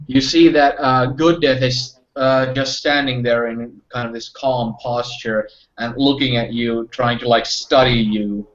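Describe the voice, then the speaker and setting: A man narrates as game master of a tabletop game and rambles with many fillers. His voice sits at a middle pitch. The audio is muffled and lo-fi. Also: steady tone, measured pace.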